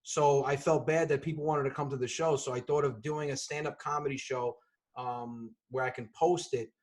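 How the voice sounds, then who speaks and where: A man telling a fast, animated comic story as a podcast guest over a video call, bursting into shouts at times. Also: mid-range voice. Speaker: comedian and guest. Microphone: video call on a computer.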